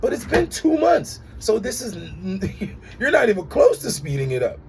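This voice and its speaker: In his vlog, a young customer tells an irritated story about an insurance claim, animatedly acting out what others said as he reviews the company. His voice is high and creaky, and he speaks a little slowly.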